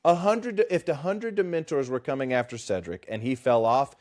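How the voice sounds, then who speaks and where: A man co-hosting a casual book discussion podcast, animated and emphatic, often repeating words when he gets worked up. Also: medium pitch, normal speed. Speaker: podcast co-host.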